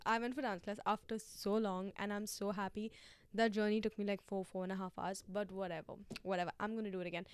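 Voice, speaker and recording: A woman's voice: medium pitch, clean tone, dry recording. Chatty young woman podcaster, dry sound. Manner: chatty, animated, slangy. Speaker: podcast host. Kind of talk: casual solo podcast chat.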